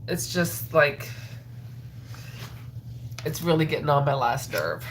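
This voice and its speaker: A woman's voice: deep voice, very animated, slow pace, slight background noise. A woman with a stuffed-up nose, hosting a crochet livestream in a rambling, chatty way full of ums. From Atlantic Canada. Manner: rambling, chatty, with frequent ums and trailing sos. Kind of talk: casual livestream chat while crocheting.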